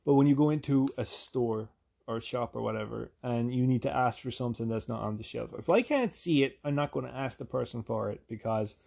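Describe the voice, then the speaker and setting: An Irish vlogger with a softened accent rambles through a casual, profane, self-deprecating monologue. His mid-range voice is gravelly and his pace brisk.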